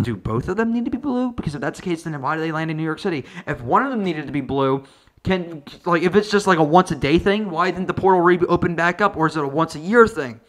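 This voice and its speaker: A man with a high, bright voice riffs through a comedic movie review rant. He talks in a sarcastic, profane, tangent-heavy way. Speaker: online video reviewer.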